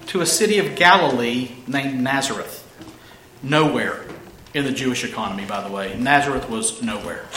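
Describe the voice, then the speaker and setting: A man preaching an expository sermon, emphatic, slowing down to stress key phrases. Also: medium pitch, pushed and bright, a little hiss or hum. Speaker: pastor. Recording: echoey room with faint ambience.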